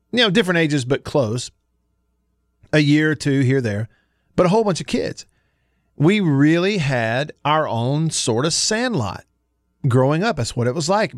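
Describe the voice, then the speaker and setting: A man's voice: on the high side, no echo, clean studio sound. Chatty Southern sports radio man. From Alabama. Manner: chatty storyteller, laughs often. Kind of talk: casual sports radio talk.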